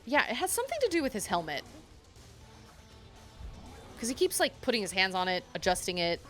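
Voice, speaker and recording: A young woman streaming a video game, thinking out loud and often restarting her sentences with self-deprecating remarks. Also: mid-range voice, sing-song, fairly quick, soft background music. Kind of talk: live game stream chat.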